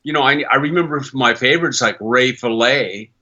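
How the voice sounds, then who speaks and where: An older man with a bright, forceful voice tells animated stories as a podcast guest, dropping into quick character voices as he goes. The audio comes through dull and a little lo-fi. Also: medium pitch. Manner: animated storyteller who slips into character voices. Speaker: voice actor guest. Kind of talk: podcast interview.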